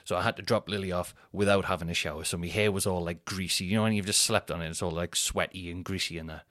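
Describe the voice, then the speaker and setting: A man's voice: deep voice, fairly even intonation, fast, no echo, studio quality. A man, rambling and swearing through a casual solo podcast chat. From North East England. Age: 30s. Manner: rambling and sweary, thinks out loud. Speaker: podcast host.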